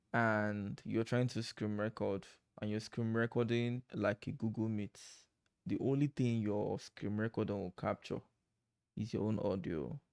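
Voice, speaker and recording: A man's voice: fairly low pitch, darkish tone. A man chatting casually to camera from home at night, rambling and breaking off to laugh at himself. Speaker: vlogger. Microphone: desk microphone.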